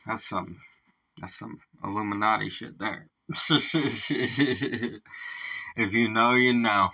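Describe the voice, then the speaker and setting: A man's voice: fairly low pitch, drawn-out words, pauses often, bright, forceful tone, poor audio. A man hosting a reaction video in casual commentary, swearing, laughing often and marveling aloud at the lyrics.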